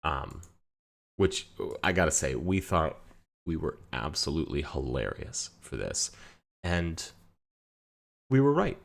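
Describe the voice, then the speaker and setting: A man casually commenting on his card game while telling a relaxed story, walking through each play step by step. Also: rumbling low, slow pace, gravelly, long pauses. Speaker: card game player and channel host. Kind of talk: casual commentary over gameplay.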